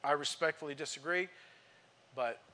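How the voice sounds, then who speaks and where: A man's voice: a little high, normal speed, sharp tone. A man preaching a sermon to a congregation, emphatic and asking rhetorical questions. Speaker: pastor.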